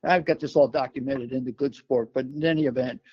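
A man's voice: medium pitch, fast, husky, dull audio. Older man telling a long anecdote. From New York. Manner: relaxed anecdotal telling with many fillers and restarts. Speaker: guest. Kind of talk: storytelling interview.

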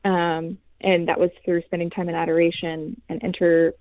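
A young woman in her twenties, a former college athlete, giving an earnest faith testimony as a guest, soft-spoken with many pauses. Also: fairly low pitch, little pitch movement, dry recording. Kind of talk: heartfelt faith testimony in an interview. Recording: tinny phone-like line.

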